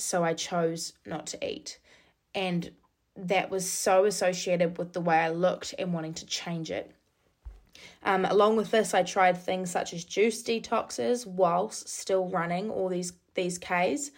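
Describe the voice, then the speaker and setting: Candid young woman telling her own story. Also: lowish voice. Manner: candid, confessional, quick bursts of speech. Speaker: podcast host. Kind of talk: personal storytelling monologue.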